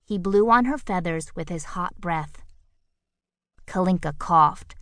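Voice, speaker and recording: Slow, lively woman reading a storybook. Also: lowish voice, no room sound, clean studio sound. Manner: expressive, playful storytelling. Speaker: audiobook narrator. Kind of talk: children's storybook narration.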